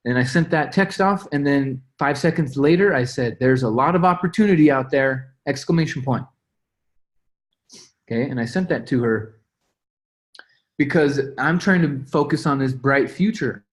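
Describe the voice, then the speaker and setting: A man's voice: mid-range voice, normal speed. A young man leading a sales team call, coaching with energy and acting out his own calls and texts. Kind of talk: motivational sales coaching talk.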